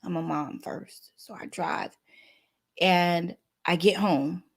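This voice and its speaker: A woman guest telling a personal story in a lively way, acting out the dialogue. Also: on the low side, slow pace, vocal fry. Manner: animated, acts out dialogue.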